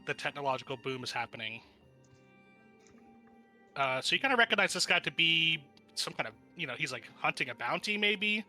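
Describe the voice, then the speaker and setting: A man's voice: fairly high pitch, sharp tone. A man narrating as game master of a tabletop game, rambling and restarting his sentences as he describes the scene. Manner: rambling, lots of fillers and restarts.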